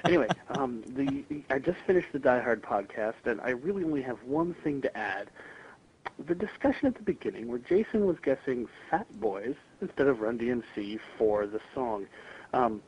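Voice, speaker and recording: A man's voice: medium pitch, animated, moderate pace, breathy edge, highs cut off. A man calling in to a podcast with a recorded voice message, rambling and full of ums and restarts.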